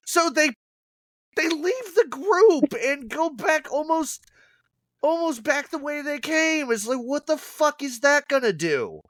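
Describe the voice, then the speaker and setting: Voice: mid-range voice, fairly bright tone, no room sound. A podcast co-host animatedly retelling a bad movie's plot in casual chat, acting out the characters and swearing freely.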